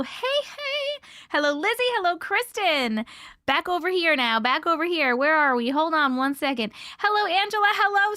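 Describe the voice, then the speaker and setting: A woman's voice: bright, forceful tone, dry recording, studio quality. A woman hosting a casual livestream, chatting and greeting viewers by name with a bubbly, laugh-ready manner. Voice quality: naturally high-pitched voice. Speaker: livestream host.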